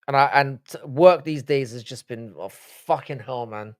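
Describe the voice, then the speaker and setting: A man's voice: medium pitch, moderate pace, a little mellow. A tired man in his thirties hosting a live stream, swearing freely and rambling with lots of restarts. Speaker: livestream host. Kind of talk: casual live-stream chat.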